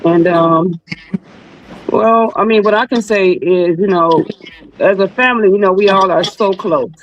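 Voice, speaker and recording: A woman guest remembering her late nephew, talking haltingly with many fillers over a video call. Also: lowish voice, slight background noise. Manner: halting, full of "you know". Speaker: guest, aunt of the deceased. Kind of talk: casual remembrance on a talk show. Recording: dull lo-fi video call audio.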